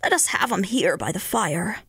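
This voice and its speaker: A woman's voice: medium pitch, expressive, normal speed, fairly bright tone, slightly rough, no room sound, full character voice. A woman voicing a kindly, fussing older village woman in a storybook reading. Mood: concerned.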